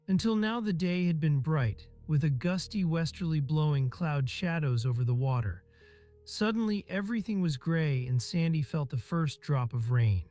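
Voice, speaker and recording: A man narrating a crime novel in a measured, even storytelling voice. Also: a little high, faint music behind. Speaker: audiobook narrator.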